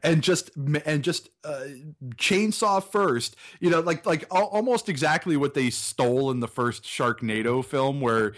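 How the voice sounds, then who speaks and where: Halting American man on a podcast. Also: a little high, fairly bright tone. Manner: halting, restarts often, easygoing. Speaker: podcast co-host. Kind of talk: casual movie-review chat.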